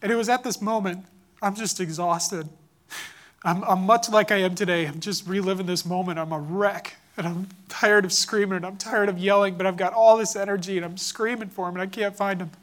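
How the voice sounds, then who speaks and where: A man's voice: high voice, fairly even intonation, brisk, fairly bright tone. A man giving an earnest, impassioned sermon-style testimony, telling a personal story about his son. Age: adult father.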